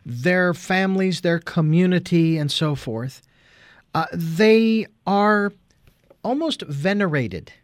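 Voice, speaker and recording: A male interview host asks long, winding questions, often restarting and hesitating before he gets to the point. His voice sits a little higher than most men's. The sound is dry and close, with no room echo. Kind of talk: interview conversation.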